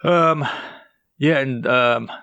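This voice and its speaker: A man's voice: mid-range voice, drawn-out words, gravelly, bright, forceful tone, clean tone, no room sound, lo-fi sound. A young man hosting a podcast in casual chat, rambling and swearing often, with lots of fillers. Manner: profane, rambling, filler-heavy. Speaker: podcast host.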